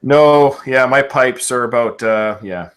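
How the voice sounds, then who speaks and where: A man in his thirties co-hosting a podcast, chatting casually about a film, laughing often and quoting lines with excitement. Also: mid-range voice, takes it slowly. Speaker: podcast co-host.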